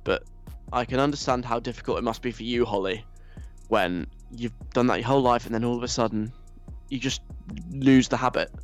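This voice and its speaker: A young man hosts a casual chat show, reading out messages from listeners and replying with playful, mock-stern teasing. His voice sits at an ordinary pitch for a man, with faint music playing quietly behind him. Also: fairly even intonation, a little fast. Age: young adult.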